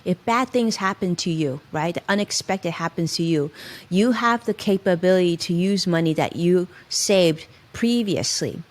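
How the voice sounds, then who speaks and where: A woman's voice: on the low side, normal speed. Emphatic middle-aged woman financial advisor. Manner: emphatic, expressive advice-giving. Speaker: financial advisor, podcast guest. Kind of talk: interview conversation.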